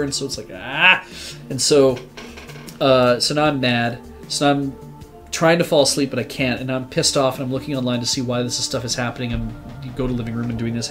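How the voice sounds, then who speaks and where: Man, casual storytelling, rambling, swears, mid pitch, faint music behind. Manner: rambling, animated, swears, acts out his own quotes. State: sick. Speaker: show regular telling a story.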